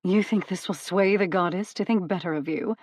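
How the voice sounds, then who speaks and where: A woman voicing a haughty female nymph in an audiobook, sharp and lecturing in tone. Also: lowish voice, fairly quick, no echo, clean studio sound, lightly acted. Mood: scornful. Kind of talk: audiobook character voice.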